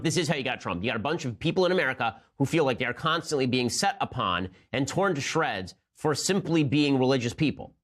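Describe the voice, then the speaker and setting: A man hosting a political commentary show, delivering a sardonic, argumentative monologue. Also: medium pitch. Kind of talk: fast opinion monologue.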